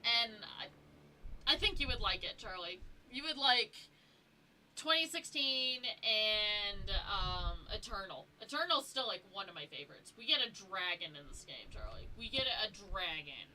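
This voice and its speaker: A woman's voice: medium pitch, animated, unhurried, sharp tone, slight background noise, rough recording. A young woman streaming a game, chatting casually with viewers and reading lore aloud, stumbling over words as she goes.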